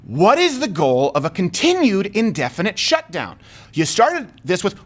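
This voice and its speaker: A man hosts a political talk show in an emphatic, argumentative way, tossing in sarcastic asides. His voice sits high and jumps around a great deal as he makes his points. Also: wildly swooping pitch, normal speed, fairly bright tone. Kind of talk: opinionated political commentary chat.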